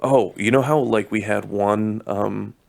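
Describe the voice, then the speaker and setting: Gravelly, profane podcast guy. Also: on the low side, steady tone, measured pace. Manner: profane, blunt, wry. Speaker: podcast co-host. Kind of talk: crude casual chat.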